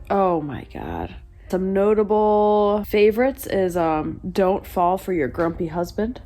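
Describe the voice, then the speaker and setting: A woman's voice: on the low side, darkish tone. A young woman vlogging about books at home, chatting casually and informally with her viewers. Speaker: book vlogger. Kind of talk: casual vlog chat.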